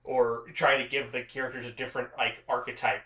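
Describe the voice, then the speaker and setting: A man's voice: mid-range voice, little pitch movement, a little fast, bright, forceful tone, reverberant. A man co-hosting a podcast in casual chat, rambling with many restarts and filler words. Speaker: podcast co-host.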